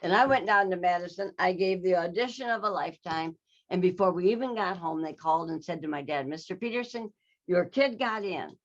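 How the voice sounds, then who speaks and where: A woman from Wisconsin giving a storytelling keynote talk, animated and often addressing her audience. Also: fairly low pitch, fairly quick, highs cut off. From Wisconsin, United States. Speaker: keynote speaker.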